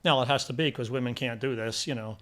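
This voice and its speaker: A man's voice: mid-range voice, quick pace. An older man co-hosting a casual movie review chat, telling stories and acting out quotes with energy. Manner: animated storyteller, acts out quotes.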